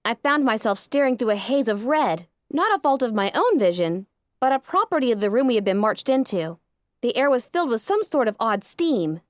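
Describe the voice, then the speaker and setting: A woman narrating a first-person fan fiction story aloud with a dramatic, expressive delivery. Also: on the high side, fairly quick, dry recording, clean studio sound. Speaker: audiobook narrator.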